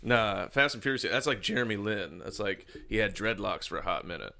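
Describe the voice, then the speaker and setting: Male co-host, animated pitch, teasing, foul-mouthed banter. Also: fairly quick, creaky. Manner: teasing, swears freely. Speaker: podcast co-host. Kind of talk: crude casual banter.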